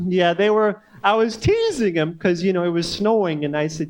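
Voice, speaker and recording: A man with a high, reedy voice doing stand-up in a comedy club, speaking into a handheld stage mic. He drawls in odd, halting pauses and then jumps into sudden squeaky peaks. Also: expressive, a little hiss or hum. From northern United States.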